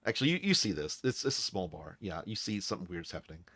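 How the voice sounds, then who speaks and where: A young man runs a tabletop game, his voice lively and swooping. He narrates loosely and laughs often, slipping into a childlike tone now and then. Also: fast talker, dry recording. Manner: animated, laughing, high childlike voice for his character. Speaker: game master.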